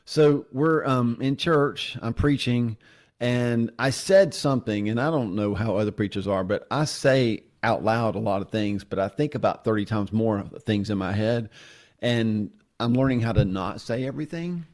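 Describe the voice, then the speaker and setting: A man's voice: mid-range voice, normal speed, a little mellow. A man who is a pastor and podcast host, chatting casually and telling self-deprecating stories. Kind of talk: casual interview chat.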